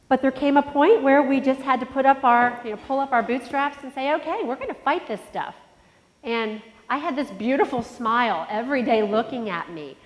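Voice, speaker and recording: A middle-aged woman gives a personal, heartfelt talk as a conference speaker, reflective at times, her pitch and volume rising suddenly now and then. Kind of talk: personal storytelling speech. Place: large conference hall. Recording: long reverb from a conference hall.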